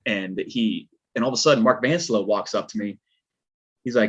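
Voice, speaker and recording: A man with a low, husky voice and a Southern American twang tells a story in a loose, rambling way, leaning on filler words. The audio is dull and lo-fi, like a home podcast setup. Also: moderate pace. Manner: laid-back, rambling, lots of filler words. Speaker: podcast guest, stuntman. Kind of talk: casual storytelling chat.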